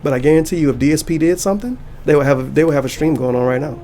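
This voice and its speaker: Male YouTuber, gravelly, fired-up reaction rant, heavy profanity. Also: on the high side, very fast, warm tone, a little hiss or hum. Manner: heated, profane ranting. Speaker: YouTuber and streamer. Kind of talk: angry reaction commentary.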